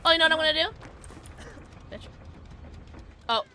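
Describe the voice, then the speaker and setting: A woman streaming a game, chatting casually with viewers in an excitable way, with sudden high yelps and laughs. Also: measured pace, slight background noise. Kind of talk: casual livestream chat while gaming. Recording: game music behind the voice. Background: game music.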